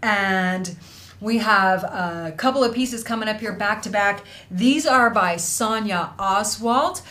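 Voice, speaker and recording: A woman's voice: medium pitch, slow pace, pushed and bright. A woman, hosting a casual craft livestream, bubbly and effusive, reading out viewers' messages. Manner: bubbly, effusive, laughs often. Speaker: host of an online felting school livestream.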